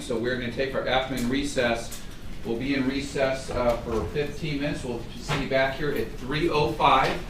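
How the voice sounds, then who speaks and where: A man presiding as judge in court, giving brisk, procedural instructions. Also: mid-range voice. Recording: echoey courtroom, distant mic with noise.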